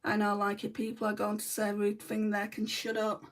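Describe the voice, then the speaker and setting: A woman's voice: medium pitch, completely flat delivery, moderate pace, far from the mic. Lancashire woman chatting through her makeup. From North West England. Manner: chatty, answers live comments, blunt. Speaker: makeup livestreamer. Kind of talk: casual chat while doing makeup.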